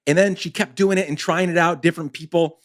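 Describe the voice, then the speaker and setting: A man's voice: fairly high pitch, steady tone, quick pace. A man hosting a podcast who speaks with passion and urgency, pressing his points emphatically. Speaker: podcast host. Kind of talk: casual conversation.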